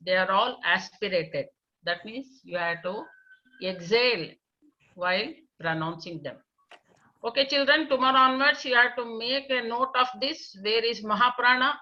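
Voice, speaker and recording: A woman's voice: a little high, bright, forceful tone. Patient woman teaching children online. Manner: patient, repeats answers and praises; chants verses slowly for pupils to echo. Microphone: video call. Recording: dull lo-fi online call.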